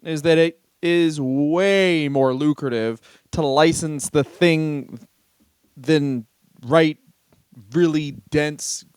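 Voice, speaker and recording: A man's voice: on the high side, extremely slow, darkish tone, clear, resonant tone, dry recording, studio quality. A man co-hosting a podcast in casual comedic chat, crude and profane as he riffs jokes. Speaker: podcast co-host.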